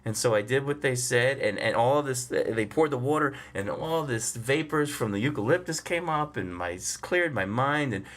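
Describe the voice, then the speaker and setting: A man, a stand-up comedian, telling a chatty, unhurried story with frequent fillers and small laughs. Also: medium pitch, animated, a bit bright. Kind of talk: storytelling monologue.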